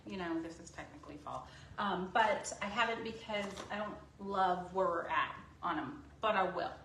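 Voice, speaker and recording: A woman's voice: fairly low pitch, normal speed, a bit bright, echoey room, a little hiss or hum, poor audio. A woman hosting a casual painting tutorial at her craft table, chatty and making self-deprecating asides.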